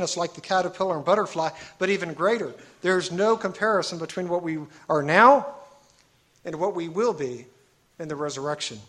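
A man with a notably high-pitched voice delivers a sermon in an earnest, emphatic way. He presses his listeners with rhetorical questions and slows down to read scripture with deliberate weight. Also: fairly bright tone. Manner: reads scripture slowly and deliberately. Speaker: preacher.

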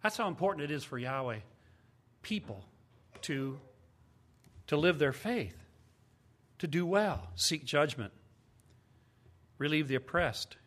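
A man's voice: on the high side, expressive, slow pace, pauses often, fairly bright tone. A man giving a teaching sermon as a Bible teacher, speaking emphatically and explaining step by step with rhetorical questions.

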